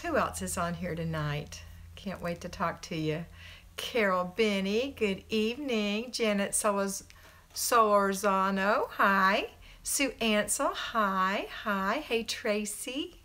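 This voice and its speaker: With a mid-range, bright, forceful voice, she speaks slowly and deliberately. The speaker is a middle-aged American homemaking coach hosting a laid-back home livestream, greeting her viewers by name and chatting cheerfully about homemaking.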